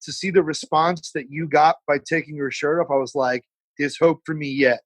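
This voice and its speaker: Chatty, animated man, somewhat high voice. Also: moderate pace, dry recording, rough recording. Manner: chatty, animated, swears freely. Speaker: podcast guest. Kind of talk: casual chat. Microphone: remote call setup.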